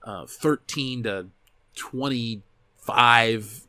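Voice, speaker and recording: A man in his thirties hosting a loose, unscripted talk show and answering his viewers' comments. His delivery is animated and peppered with swearing, with frequent restarts as he corrects himself. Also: mid-range voice, extremely slow, no room sound. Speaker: show host reading live chat. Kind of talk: casual chat.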